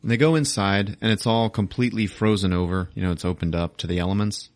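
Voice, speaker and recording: A man's voice: lowish voice, fairly even intonation, fast talker, dry recording. A man hosting a podcast, retelling a film plot in a casual, profane way and slipping into silly character voices. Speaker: podcast host. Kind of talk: casual movie recap.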